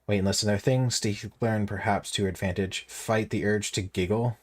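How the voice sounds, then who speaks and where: A man streaming a game, reading its text aloud with bemused, deadpan asides. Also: lowish voice, fairly quick.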